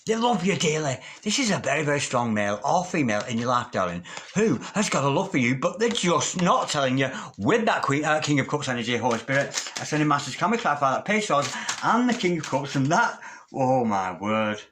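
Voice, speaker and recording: A man's voice: medium pitch, sing-song, a little fast, a bit bright, slight background noise. A man giving a tarot reading in a theatrical, sing-song manner, calling the listener darling. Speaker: tarot reader.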